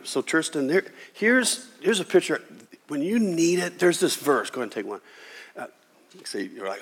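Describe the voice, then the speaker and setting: A man preaching a sermon as a pastor, animated, voicing Jesus and God in quoted lines. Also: fairly high pitch, normal speed, breathy edge. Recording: reverberant hall.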